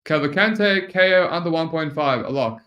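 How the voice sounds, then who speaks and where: A man's voice: a little high, expressive, moderate pace, fairly bright tone. Rambling man. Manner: rambling, self-mocking, frequent fillers and restarts. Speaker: podcast host. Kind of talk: casual solo podcast talk.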